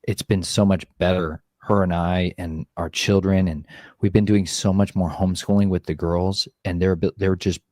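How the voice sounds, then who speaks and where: A man co-hosting, talking earnestly and reflectively about family life, measured and searching for words. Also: low-pitched, level tone, darkish tone, no room sound, studio quality. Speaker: co-host sharing family story. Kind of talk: reflective personal talk.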